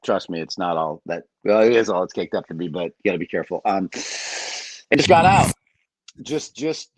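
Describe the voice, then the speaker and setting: Middle-aged guest, low voice, dry mic, animated storyteller who acts out quotes. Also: male voice, dry recording. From Michigan. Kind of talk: storytelling on a sports podcast.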